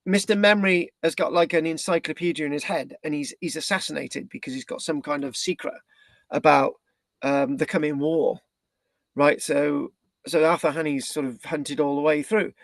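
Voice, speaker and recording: Male history presenter from Britain, slightly high voice, dry close sound, loose rambling lecture delivery with many restarts. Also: steady tone, moderate pace, creaky, dry recording. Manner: rambling, with frequent restarts and tag questions. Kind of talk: live online history talk.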